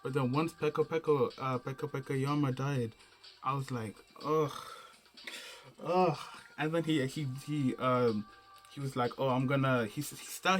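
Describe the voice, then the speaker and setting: A man's voice: on the high side, normal speed, slight background noise. Rambling young man reviewing games casually. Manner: rambling and slangy, often restarting and searching for words. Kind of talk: casual unscripted game review.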